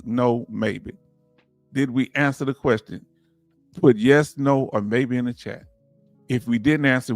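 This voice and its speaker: A man with a Southern US accent hosting a casual livestream, talking in an animated, preachy way and firing off rhetorical questions to his viewers. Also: medium pitch, no echo. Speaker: livestream host.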